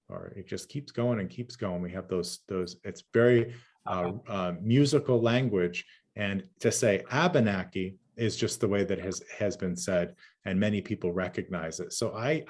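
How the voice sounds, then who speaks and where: Man, low voice, storyteller, rhythmic and measured, video call. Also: darkish tone. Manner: rhythmic, measured, lingers on native words. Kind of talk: traditional storytelling and Q&A.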